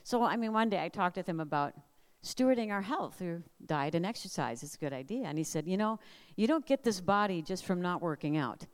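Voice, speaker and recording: A woman's voice: on the low side, a little fast. Older woman telling funny stories in a hall. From Minnesota. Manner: animated, humorous storyteller. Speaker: speaker at family camp. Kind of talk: storytelling sermon. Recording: long hall reverb.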